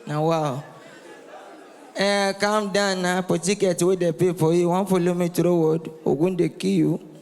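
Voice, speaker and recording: A man's voice: high voice, fairly even intonation, measured pace, gravelly, a little mellow, long reverb tail. A Nigerian man doing a rowdy stand-up comedy set, teasing the crowd and calling for responses. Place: live comedy venue.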